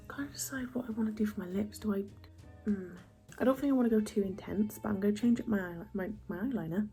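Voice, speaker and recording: A young woman chatting casually through a makeup routine, soft and often half-whispered, chatty and self-mocking. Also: mid-range voice, quick pace, creaky, faint music behind. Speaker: beauty vlogger.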